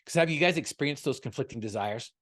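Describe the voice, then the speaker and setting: Guy doing a pep talk on a video call, punchy and repetitive, lots of "why are you" questions, average pitch. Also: lively intonation, quick pace, fairly bright tone. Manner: emphatic, repetitive storytelling with rhetorical questions. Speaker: motivational speaker guest.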